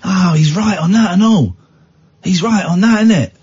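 A man's voice: sits high, moderate pace, darkish tone, highs cut off, slight background noise. A man hosting a radio show, bantering in a teasing, mock-exasperated, jokey way.

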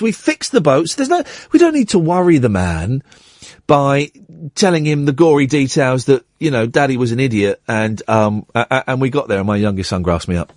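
A middle-aged man hosting a radio show, telling an anecdote with lively acted-out quotes. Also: medium pitch, normal speed, no echo, studio quality. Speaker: radio host.

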